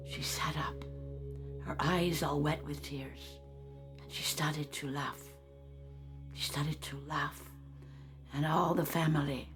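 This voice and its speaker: A spiritual channeler telling a story gently, calling the listener beloved and sinking into a soft whisper. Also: medium pitch, fairly even intonation, slow pace, pauses often, soft background music.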